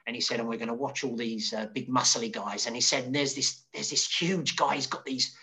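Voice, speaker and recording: A middle-aged man recounting his past in a loose, rambling way, full of restarts and fillers. He bursts into higher, louder voices whenever he quotes someone, then drops back to his ordinary middling tone. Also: a little fast, gravelly. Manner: animated, acts out quoted voices with sudden high pitch. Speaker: hairdresser, interview guest. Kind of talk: casual storytelling.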